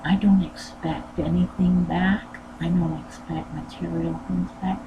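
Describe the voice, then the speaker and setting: A low-pitched woman talks earnestly and rambles, looping back over the same phrases. There is steady, clearly audible noise behind her voice. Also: a little slow, muffled recording. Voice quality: low voice that does not go higher. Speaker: sewing channel host. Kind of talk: casual personal talk. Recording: noisy background.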